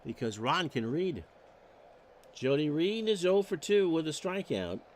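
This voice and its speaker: A man's voice: a little high, sing-song, measured pace, darkish tone, slight background noise. A man calling baseball play-by-play, reading off stats with wry joking asides. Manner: stat-heavy calls with wry joking asides. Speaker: play-by-play announcer.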